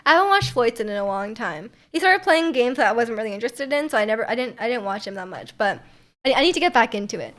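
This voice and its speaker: A woman in her twenties chatting casually on a live stream, answering chat and thinking out loud with a giggly, rambling manner. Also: fairly high pitch.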